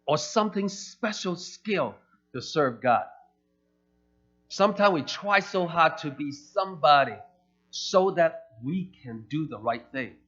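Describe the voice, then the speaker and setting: Animated preacher man in a church. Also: fairly high pitch. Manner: animated, acts out quoted characters. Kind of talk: sermon storytelling. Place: church sanctuary. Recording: dull lo-fi church recording with faint music.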